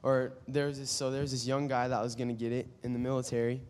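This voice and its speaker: A man's voice: mid-range voice, brisk, in a large hall, a little hiss or hum. A young man giving a casual faith testimony to his team, telling a story animatedly with many fillers and restarts. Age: young adult. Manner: animated storytelling, acts out quoted voices, frequent fillers and restarts. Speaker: student speaker at a team devotional. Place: church meeting room.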